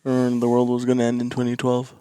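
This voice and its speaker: A man's voice: medium pitch, monotone, rapid-fire, mellow, smooth. A man in casual podcast chat, rambling and hesitant, filling with "like" as he asks questions. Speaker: podcast co-host.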